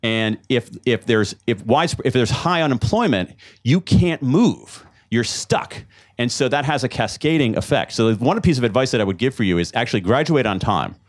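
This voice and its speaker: A man speaking to a live audience in a question-and-answer session, lively and jokey, often restarting and repeating words. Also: mid-range voice, a little fast, hardly any pauses. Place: event room with a live audience.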